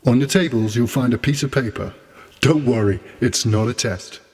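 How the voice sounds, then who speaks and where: A man in his forties voicing a weary karaoke host who rattles off rehearsed, brisk patter. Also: mid-range voice, a little mellow, lightly acted. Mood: showman patter. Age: 40s. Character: weary middle-aged male karaoke host.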